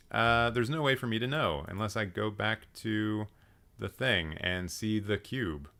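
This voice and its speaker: A young man hosting a live stream, roasting viewers' film profiles with animated, profane, mock-outraged ranting and chatty asides. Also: on the low side. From Canada.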